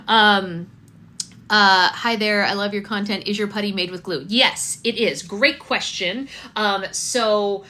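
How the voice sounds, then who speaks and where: Chatty bright-voiced woman host. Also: mid-range voice. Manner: chatty, storytelling with lots of ums. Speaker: slime shop host. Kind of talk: casual live-stream chat.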